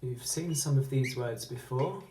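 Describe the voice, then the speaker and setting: A teacher giving a phonics lesson, slowly sounding out words syllable by syllable and letter by letter. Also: mid-range voice, warm tone, a little hiss or hum. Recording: echoey room.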